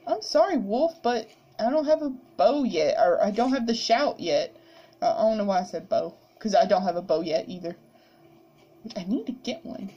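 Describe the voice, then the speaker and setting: A woman's voice: medium pitch, expressive, normal speed, warm tone, husky, muffled recording. A woman chatting casually while playing a game, giggling, yawning and talking to the characters on screen. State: sleepy, yawning. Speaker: gamer. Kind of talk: casual gameplay commentary.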